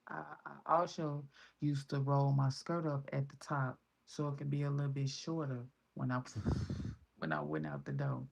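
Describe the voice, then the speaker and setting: A Chicago-accented mother in her thirties vlogs casually, bluntly and profanely, raising her voice when quoting other people. Her voice is very deep and creaky with little pitch movement, at a moderate pace. The highs are cut off and there's slight background noise.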